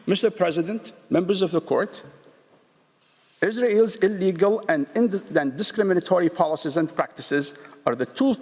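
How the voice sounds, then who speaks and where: Man pleading formally in a reverberant hall. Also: high-pitched. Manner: measured and deliberate, with frequent restarts. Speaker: state representative pleading before an international court. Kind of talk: formal legal address, read from a prepared text. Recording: long reverb of a large hall.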